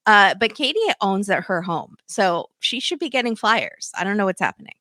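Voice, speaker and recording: Bright-voiced joking woman. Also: medium pitch, lively intonation, no echo. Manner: quick joking banter. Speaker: podcast guest. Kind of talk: casual podcast chat.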